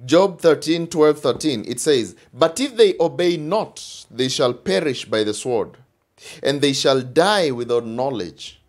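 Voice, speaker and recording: A man's voice: mid-range voice, lively intonation, measured pace. A man with a Kenyan English accent preaching a sermon, emphatic, repeating phrases and often asking "all right?".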